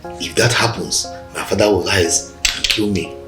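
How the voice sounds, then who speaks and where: An actor with a Nigerian accent playing a ruthless, ambitious prince who schemes in a cold, deliberate way. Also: male voice, deep voice, pushed and bright. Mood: persuasive. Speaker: prince plotting for the crown. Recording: roomy echo with faint music.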